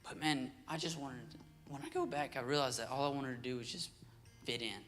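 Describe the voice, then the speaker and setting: A teenage boy giving an earnest, emotional church testimony, his voice dropping soft at moments. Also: mid-range voice, a little fast, soft background music. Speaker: youth group member giving a testimony.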